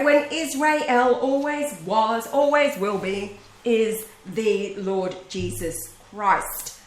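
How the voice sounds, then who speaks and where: Slow, preaching woman in an echoey room. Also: medium pitch. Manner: slow, emphatic preaching with long pauses. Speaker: online show host. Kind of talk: religious web show monologue.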